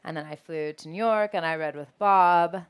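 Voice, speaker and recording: A young woman, an actress, telling animated stories in an interview and laughing often. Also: lowish voice, moderate pace, clean tone. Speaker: actress and guest. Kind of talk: anecdotal interview chat.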